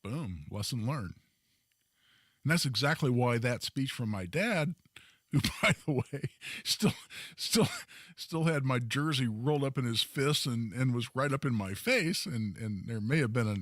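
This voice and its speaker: A man hosting a talk radio show, telling a story in an emphatic, animated way. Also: mid-range voice, moderate pace, no room sound, clean studio sound. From Indiana, US. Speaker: radio host.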